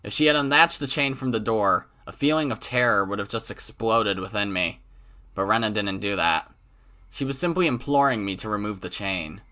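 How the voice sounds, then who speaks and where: A man's voice: on the low side, moderate pace, bright, forceful tone. A man reading a visual novel aloud for a let's play, with dramatic delivery, profane asides and the odd stumble over words.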